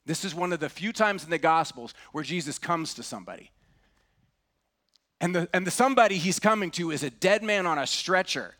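A middle-aged man preaches a sermon with a notably high voice. He speaks earnestly and drops to a hush to stress key words. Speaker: pastor.

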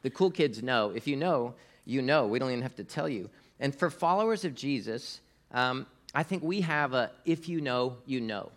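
A middle-aged man preaching in a loose, conversational way, with plenty of filler words and asides to the congregation. His voice sits in a middle pitch, and his delivery swings between quiet and emphatic. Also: animated, moderate pace. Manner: conversational, with fillers and audience prompts. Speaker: pastor. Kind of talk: sermon.

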